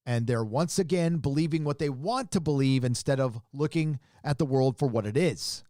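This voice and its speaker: A man hosting a casual livestream with a medium-pitched voice. He rambles, restarts his sentences and reacts on the fly. The recording is dry and close, with almost no room sound. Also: normal speed, warm tone, dry recording. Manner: rambling, restarts often, chuckles and reacts to images. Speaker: show host.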